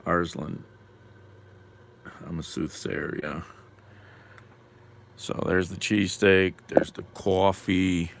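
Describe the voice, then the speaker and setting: A man's voice: sits low, fairly even intonation, slow, vocal fry, pauses often, background noise. A man live streaming while eating lunch, chatting casually and wryly answering comments from chat.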